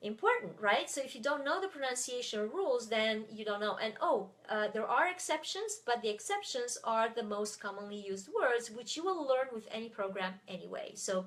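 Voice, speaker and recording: A woman with a French accent teaching as a language tutor in a live webinar, chatty and full of fillers and restarts. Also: a little high.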